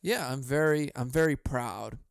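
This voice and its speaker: A man's voice: medium pitch, moderate pace, vocal fry, no echo, studio quality. Cynical, swearing man ranting solo. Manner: cynical, profane, rambling with laughs and sighs. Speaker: podcast host. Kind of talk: solo comedic podcast rant.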